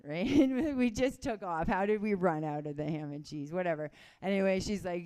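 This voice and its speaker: A young woman from Canada works through a stand-up set in a loose, rambling way, laughing at her own jokes. Her voice is smooth and clear. She sits at a middle pitch. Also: lively intonation, normal speed, few pauses, darkish tone. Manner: casual, rambling, self-deprecating, with chuckles. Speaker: stand-up comedian.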